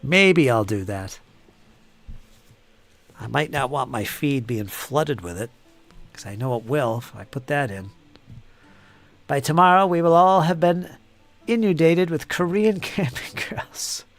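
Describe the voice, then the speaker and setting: A man's voice: on the high side, lively intonation, a little slow, long pauses, no room sound, soft background music. A man hosting a live painting stream, chatting casually and teasing viewers as he reads their comments aloud. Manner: joking, teasing chatter with frequent laughs.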